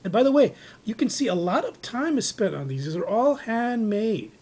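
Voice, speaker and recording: Very animated and high in pitch, this man talks at a normal speed with a slightly mellow tone. Indoors, holding a camera, he casually shows off collectibles in show-and-tell style, rambling with frequent fillers and restarts.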